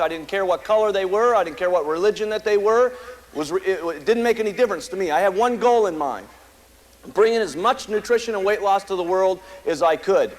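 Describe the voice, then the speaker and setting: In a high-pitched voice, a man from America tells stories while giving a company meeting's live audience an emphatic motivational speech that repeats itself. He is the company's founder. The audio is poor, with slight noise in the background.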